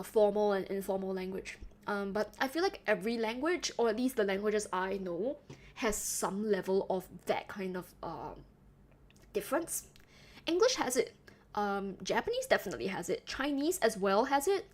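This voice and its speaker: A woman's voice: medium pitch, a little mellow. A woman streamer chatting casually with her viewers, laughing often and trailing off with fillers.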